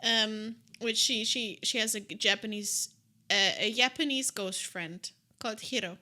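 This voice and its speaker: A woman's voice: medium pitch, fairly even intonation, unhurried, sharp tone. A woman co-hosting a podcast, chatting casually and rambling through a long game recap. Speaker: podcast co-host. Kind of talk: casual chat about a video game.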